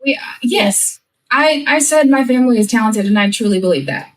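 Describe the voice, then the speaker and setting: A woman guest who performs comedy with her sister chats quickly with laughing asides. Her voice is a touch high and sounds a little away from the microphone. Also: animated, distant mic. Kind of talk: casual chat.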